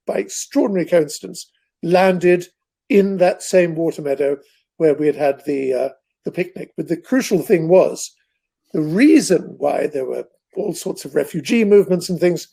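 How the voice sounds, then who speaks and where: An older man appears as a guest author in an interview, telling long, rambling anecdotes and digressing often. His voice is a little high and mellow, with vocal fry and a breathy edge.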